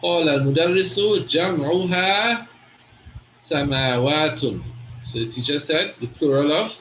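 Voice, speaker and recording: A man's voice: on the high side, normal speed, a bit bright, reverberant, slight background noise, low-quality recording. A man teaching an Arabic grammar class, patiently explaining and often checking understanding with "right?".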